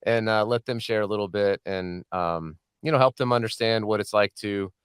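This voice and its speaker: A man's voice: lowish voice, moderate pace, clear, resonant tone, dry recording. A man hosting a podcast from a home studio, chatting casually and joking often with his guest. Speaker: podcast host. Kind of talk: casual interview chat.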